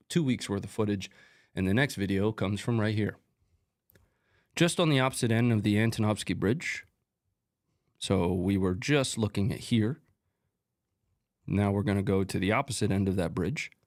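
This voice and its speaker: Man, live-stream host, fairly low voice, relaxed chatty commentary, conversational asides. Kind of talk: live-stream commentary over combat footage.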